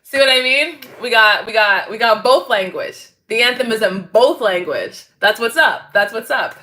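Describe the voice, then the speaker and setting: A woman's voice: fairly high pitch, animated, moderate pace, hardly any pauses, pushed and bright. A woman from Canada, hosting a casual livestream chat with viewers in a bubbly, chatty way and laughing often. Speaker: host.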